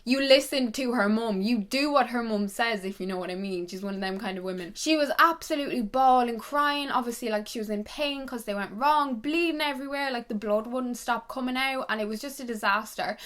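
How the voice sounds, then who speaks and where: A woman's voice: a little high, fairly quick, few pauses, a bit bright. A young woman, chatting to camera and telling stories in a gossipy way. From Ireland. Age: young adult. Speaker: YouTuber. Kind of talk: casual chat to camera.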